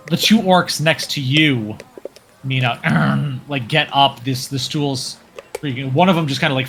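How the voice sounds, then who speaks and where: A man running a tabletop game, describing scenes in a loose, rambling way with plenty of fillers. His voice is bright and mid-pitched, and faint noise hums in the background. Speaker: game master.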